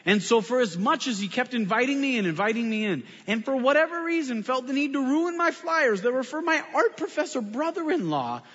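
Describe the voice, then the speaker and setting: A man, a pastor, telling a story in a sermon with animated, self-mocking humor. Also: very high-pitched, a little fast, few pauses, husky. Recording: muffled sound with long hall reverb.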